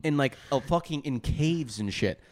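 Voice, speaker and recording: A man's voice: on the high side, expressive, moderate pace. A young man co-hosting a podcast in casual, rambling, swear-laden chat. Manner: profane, rambling, jokey. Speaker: podcast co-host.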